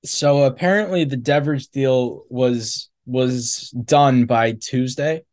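Man, podcast co-host, low-key, measured, mid-range voice. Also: darkish tone. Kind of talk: casual sports chat.

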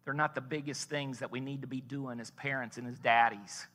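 A man's voice: medium pitch, steady tone, brisk, pushed and bright, long reverb tail. A man preaching a sermon as a pastor, telling a story in a folksy way and building to emphatic points.

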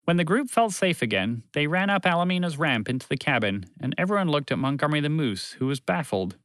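Male storyteller, lively, higher voice, dry close recording. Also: fast, dry recording. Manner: animated, expressive reading. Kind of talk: scripted children's story narration.

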